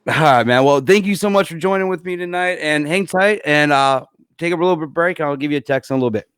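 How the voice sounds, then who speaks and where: A man's voice: fairly high pitch, fast talker, a bit bright, smooth, no echo, clean studio sound. A man hosting a live music podcast, chatting casually and rambling a little, calling everyone man and dude. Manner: easygoing, rambling, calls people man and dude. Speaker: podcast host. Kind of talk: casual live-show chat. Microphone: computer setup for a live stream.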